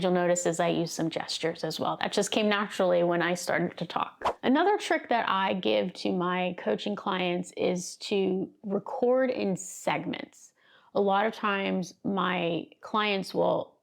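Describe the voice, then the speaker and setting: Seated indoors and filming herself, a woman with a gravelly, medium-pitched voice coaches video creators in a relaxed talk to camera. She keeps it conversational, laughs easily, and gestures as she explains.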